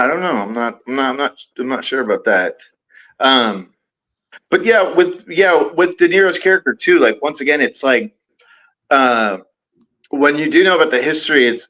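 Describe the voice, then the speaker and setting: A man's voice: medium pitch, pushed and bright, dull audio. A man as the guest in a casual film discussion, hesitant, with lots of fillers and trailing thoughts.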